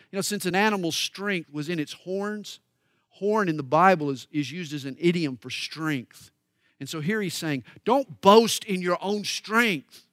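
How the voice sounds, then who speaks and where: A high-pitched man from the American South preaches with folksy emphasis. He booms through scripture readings, then drops to quiet asides. The sound is dry and close. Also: animated, a little slow, no room sound. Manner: folksy, emphatic, swings between loud declaiming and quiet asides. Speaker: pastor. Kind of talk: sermon.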